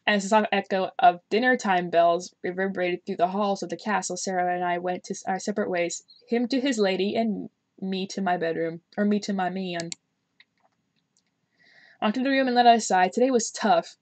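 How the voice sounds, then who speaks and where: A woman's voice: on the low side, a little fast. Chatty woman streamer reading a game aloud. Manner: chatty, giggly, teasing asides. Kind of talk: reading a visual novel aloud with commentary.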